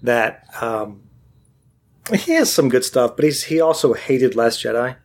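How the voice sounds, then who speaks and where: Man, casual chat, storytelling, mid pitch, acts out quotes. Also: lively intonation, unhurried, slight background noise.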